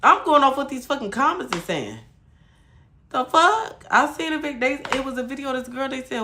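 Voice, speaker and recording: A woman's voice: high-pitched, lively intonation, normal speed, bright, forceful tone, a little hiss or hum. A woman from Michigan hosting a casual livestream chat, ranting bluntly and cursing freely at her viewers. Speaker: livestream host.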